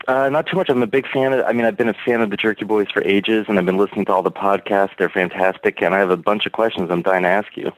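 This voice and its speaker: A man's voice: lowish voice, steady tone, quick pace, few pauses, no room sound, poor audio. A man from Virginia calling in to ask earnest, wordy questions of a podcast host. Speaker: caller. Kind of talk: phone-in questions.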